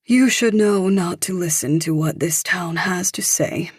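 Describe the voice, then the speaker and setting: A woman voicing a worried adult mother who talks in a soft, earnest, reassuring way in an audiobook. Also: lowish voice, a little slow, slightly rough, no room sound, studio quality.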